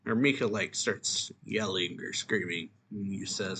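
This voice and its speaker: A man's voice: on the low side, measured pace, sharp tone, slight background noise. A man giving a casual chapter recap, retelling it loosely with lots of fillers and restarts. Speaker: manga reviewer.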